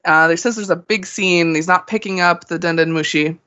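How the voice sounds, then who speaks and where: A woman contributing to a podcast, recapping a comic chapter in casual chat with brisk, wry asides. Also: fairly low pitch, fairly bright tone, lo-fi sound.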